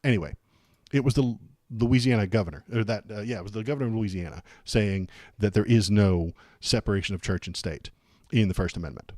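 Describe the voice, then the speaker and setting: Dry-voiced, sarcastic live-stream host. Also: male voice, lowish voice, fairly quick, few pauses, darkish tone, no echo. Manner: rambling, sarcastic, mutters mild curses. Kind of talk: casual political commentary and reaction.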